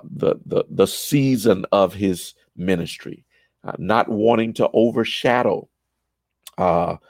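A man teaching a church Bible study, halting and explanatory, with frequent fillers and repeated words. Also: fairly low pitch, creaky, a little mellow, no room sound.

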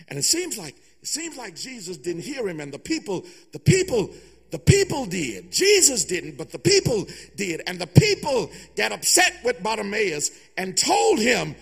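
A man's voice: high voice, wildly swooping pitch, unhurried, vocal fry, husky, big-room sound. A man pastor preaching a sermon, emphatic, repeating phrases and sometimes half-singing. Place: church sanctuary.

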